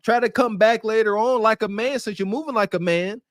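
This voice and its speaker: A man's voice: sits high, fairly quick, no room sound, studio quality. A man co-hosting a podcast in casual commentary, lecturing and scolding with sighs and laughs. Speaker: podcast co-host.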